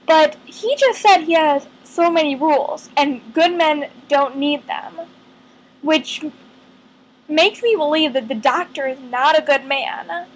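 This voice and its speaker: High-voiced woman vlogger, slow and rambling. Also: low-quality recording. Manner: earnest, rambling, thinks aloud with many pauses. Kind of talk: casual fan chat to camera.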